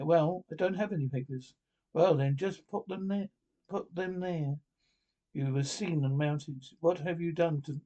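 A man's voice: a little high, warm tone, muffled recording. A man voicing a defiant captive man who insistently demands answers. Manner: insistent, confrontational.

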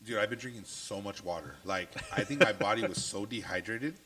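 A man with a low voice co-hosting a casual podcast, rambling with many fillers, getting over a cold. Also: brisk, crowd noise, low-quality recording. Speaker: podcast co-host.

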